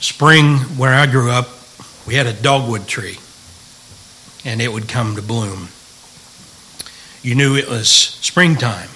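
A man's voice: medium pitch, takes it slowly, long pauses, bright, forceful tone, rough recording. A middle-aged man, a pastor, teaching the Bible in a folksy, joking way and asking the room questions.

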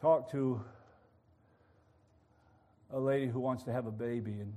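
A man preaching a sermon, telling a story with animated passion. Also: medium pitch, measured pace. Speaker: pastor.

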